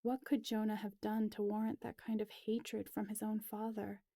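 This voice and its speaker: A woman reading a first-person story aloud, slow and measured. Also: mid-range voice, monotone, warm tone, dry recording, studio quality. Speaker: reader.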